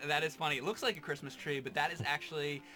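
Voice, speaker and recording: A man playing retro games with friends, complaining loudly and swearing, then explaining the cartridge. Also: fairly high pitch, quick pace, soft background music. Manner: exasperated, swearing at the game. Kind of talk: casual gameplay chat.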